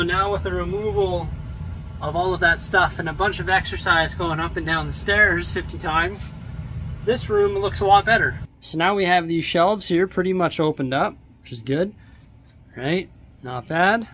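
Casual rambling man with a higher voice. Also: normal speed, slight background noise. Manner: relaxed, rambling, lots of "like" fillers. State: out of breath. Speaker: vlogger. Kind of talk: casual vlog chat. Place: house, rooms and stairs.

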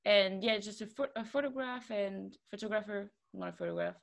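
A woman's voice: medium pitch, fairly quick. Chatty young woman from Luxembourg. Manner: chatty, loose, trailing fillers. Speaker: quiz round host. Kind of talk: casual online quiz chat.

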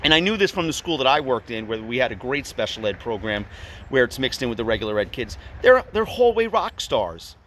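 A middle-aged man, a parent vlogging casually and retelling a dispute in an animated, indignant way. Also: medium pitch, a little fast, slight background noise. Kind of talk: casual to-camera vlog.

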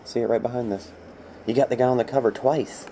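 A man casually calling out cards as he opens packs, rambling and easily excited, with a laugh here and there. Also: medium pitch, fast talker, slight background noise. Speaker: card break host. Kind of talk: casual card-opening commentary.

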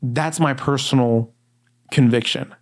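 Unhurried and medium-pitched, the man co-hosts a Bible study podcast. He comes across as a relaxed storyteller who drifts along with lots of filler words.

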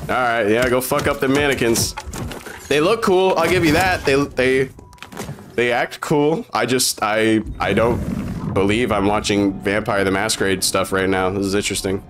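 A young man giving excitable, profane reaction commentary on a game trailer, often incredulous. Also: medium pitch.

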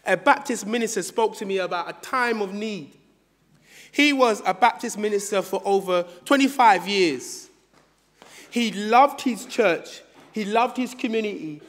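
A man preaching a sermon in a church, telling a children's story with animated call-and-response. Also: high-pitched. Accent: British. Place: church hall. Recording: church hall reverb.

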